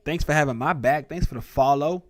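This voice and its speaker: A man's voice: a little high, fairly quick, no room sound. A man in his thirties hosting a sports live stream, talking to viewers in a rambling, joking, profane way. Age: 30s. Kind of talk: casual live-stream chat.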